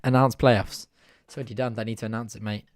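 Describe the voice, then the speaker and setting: A young man hosting a live fan watch-along, giving chatty, partisan play-by-play that bursts into excited shouting at chances. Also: medium pitch, fast talker, no room sound, clean studio sound.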